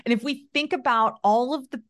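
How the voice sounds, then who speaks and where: A woman author as a guest on a casual interview podcast, speaking in a thoughtful, measured way and leaning on key phrases. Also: on the high side, a bit bright.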